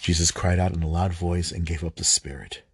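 A man reading scripture aloud, halting at times, stumbling and rereading lines. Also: low voice, fairly even intonation, slightly rough, no echo. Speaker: scripture reader.

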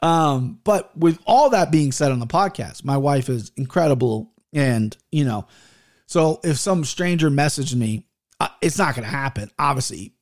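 An animated man in his thirties with a mid-range voice and moderate pace hosts a podcast, casually rambling through stories with plenty of profanity and frequent restarts.

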